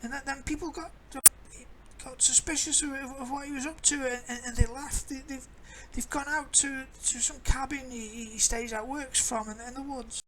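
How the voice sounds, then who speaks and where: A woman's voice: high voice, fairly even intonation, normal speed, slight background noise, pitched above the performer's own voice, lightly acted, rough recording. A woman voicing a bent, fearful old village woman who stammers and repeats her words. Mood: gossiping.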